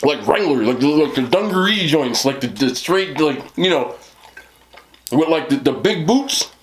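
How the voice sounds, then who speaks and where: Rambling New Jersey man with lively pitch. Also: normal speed, a little hiss or hum. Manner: rambling, laughing, lots of "you know what I'm talking about". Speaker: mukbang host. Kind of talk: casual storytelling to camera.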